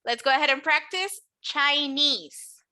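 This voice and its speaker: A woman's voice: high voice, unhurried, a loud crowd. A woman teaching an English class, modeling words for the students to repeat and encouraging them. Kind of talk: classroom lesson.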